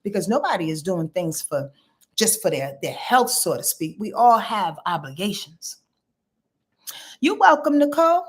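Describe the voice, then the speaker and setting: A middle-aged woman astrologer chatting casually with her viewers on a livestream, blunt and animated, telling stories and swearing freely. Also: lowish voice, normal speed, slightly rough. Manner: blunt, animated storytelling with profanity and laughs. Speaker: astrologer and tarot reader.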